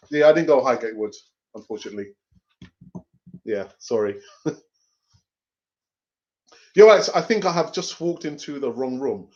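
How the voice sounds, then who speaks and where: Lively man chatting on a stream. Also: mid-range voice, muffled recording. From North London. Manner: chatty, laughs often, does quick voices. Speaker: fan channel host. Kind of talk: casual live-stream chat.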